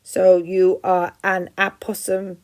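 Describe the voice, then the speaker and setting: A woman reading aloud and voicing a slow, stiff, overly formal female robot. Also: lowish voice, monotone, darkish tone. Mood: mechanical.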